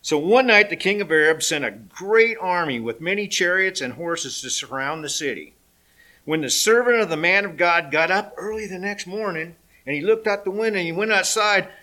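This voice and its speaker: A man preaching a sermon, reading scripture aloud and telling the story with animated, dramatic voice changes. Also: on the high side, moderate pace. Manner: animated storytelling, raising and dropping his voice for effect. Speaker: pastor.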